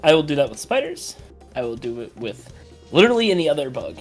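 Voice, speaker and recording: A woman chatting on a game stream, ranting emphatically with quick bursts. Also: low-pitched, big pitch swings, soft background music. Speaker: streamer, co-host. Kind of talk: casual stream chat.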